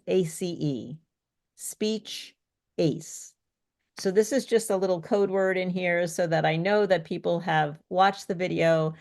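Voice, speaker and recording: A woman speech coach teaching an online workshop in an explanatory, coaching way over a video call. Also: on the low side.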